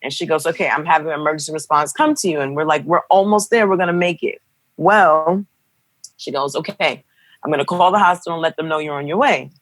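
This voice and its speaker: Lively young woman telling a story. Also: low voice, quick pace, no room sound, poor audio. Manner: animated storytelling, acting out quotes. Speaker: podcast guest. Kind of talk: telling her birth story. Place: podcast studio.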